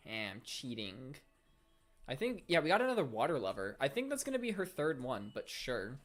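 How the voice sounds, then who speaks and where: A young woman casually commenting while playing a video game, chatty and quick to joke and rant. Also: rumbling low, huge pitch swings. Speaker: gaming channel host. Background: faint game music.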